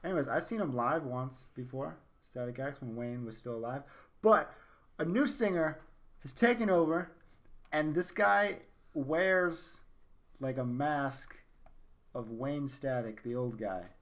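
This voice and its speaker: A man's voice: mid-range voice, a little slow, fairly bright tone. A man hosting a casual podcast chat, rambling enthusiastically and repeating himself. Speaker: podcast host.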